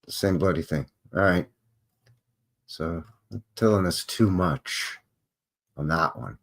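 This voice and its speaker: Wry Canadian man, low voice. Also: takes it slowly, creaky. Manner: wry offhand asides between read-out facts. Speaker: live show host. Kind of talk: casual live-stream commentary, reading aloud.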